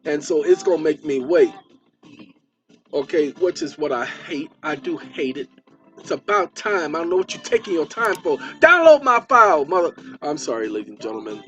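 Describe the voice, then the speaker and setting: Man, high voice, chatty host talking viewers through documents, soft music under him. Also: moderate pace, lo-fi sound. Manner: chatty, repeats for emphasis, talks while typing. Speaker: channel host. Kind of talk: casual lecture to viewers.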